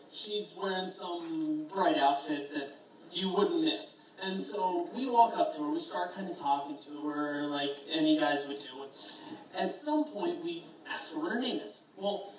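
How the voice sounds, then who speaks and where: A man's voice: a little high, slight background noise. A man in his twenties giving a best man's toast, telling stories in a chatty way and laughing at his own jokes. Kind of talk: wedding toast storytelling. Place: wedding reception hall. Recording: echoey reception hall from far off.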